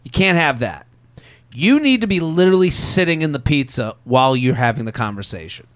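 A man's voice: fairly high pitch, sing-song, brisk, fairly bright tone. A young man hosting a podcast, chatting casually and acting out people in quoted voices. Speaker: podcast host. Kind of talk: casual comedic chat.

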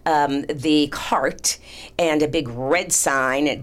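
A woman's voice: low voice, very slow. A middle-aged woman casually telling a rambling story as a podcast guest, with restarts and acted-out quotes.

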